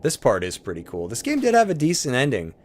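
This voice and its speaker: A man's voice: medium pitch, wildly swooping pitch, fast talker. A man playing an old video game, reading its lines aloud and making wry jokes. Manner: joking, wry asides. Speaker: game let's player. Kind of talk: let's play commentary reading game text aloud. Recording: game music behind voice.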